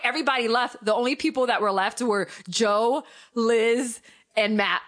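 A woman's voice: on the high side, expressive, moderate pace, a bit bright. A woman telling a long story in casual chat, acting out the people she quotes and laughing often.

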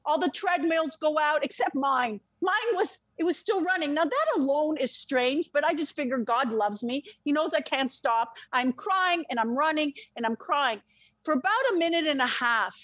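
A woman's voice: high-pitched, normal speed, fairly bright tone, dry recording, highs cut off. A woman telling an emotional personal story as a podcast guest. She speaks intensely and frankly, swears freely, and often restarts her words.

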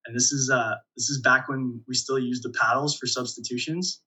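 A young man talks through his playing days in a relaxed interview, chuckling as he goes. His voice is bright and a little husky. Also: medium pitch, moderate pace, low-quality recording. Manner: relaxed storyteller, many restarts and chuckles. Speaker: volleyball player guest. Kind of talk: casual interview storytelling.

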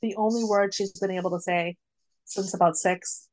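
A woman in her forties telling a long personal story in a casual, rambling way, full of fillers and lively quoted asides. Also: medium pitch, moderate pace, crowd noise, low-quality recording. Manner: rambling, many "like" fillers, animated when quoting. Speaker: mother of a nonverbal daughter, guest.

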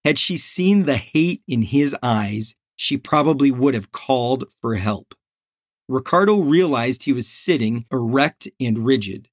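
A man reading a novel aloud as narrator, in a measured, deliberate way. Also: mid-range voice, lively intonation, no room sound, clean studio sound. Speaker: audiobook narrator. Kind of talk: scripted narration.

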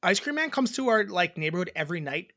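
A man's voice: sits high, sing-song, quick pace, bright, forceful tone, dry recording, clean studio sound. A man co-hosting a casual podcast, rambling and swearing casually as he chats. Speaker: podcast co-host. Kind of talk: casual chat.

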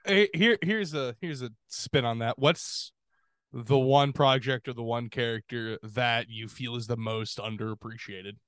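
A man's voice: mid-range voice, unhurried, fairly bright tone, clean tone, dry recording. Playful man co-hosting, dry sound. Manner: laughs easily, playful. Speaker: podcast co-host. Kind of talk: casual interview chat.

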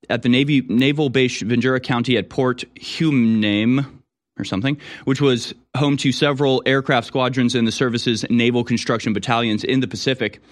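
A man hosting a talk radio show, reading news stories aloud and commenting on them with sarcasm. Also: mid-range voice. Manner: sarcastic, reads headlines then editorializes.

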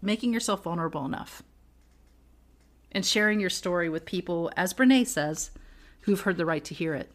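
A middle-aged woman with a fairly low voice shares personal stories on a casual faith podcast. She talks earnestly and breaks into laughter often. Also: normal speed, pauses often. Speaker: podcast co-host.

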